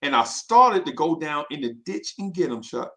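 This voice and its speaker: A man telling personal stories in casual chat, animated and full of fillers and asides. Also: fairly high pitch, normal speed.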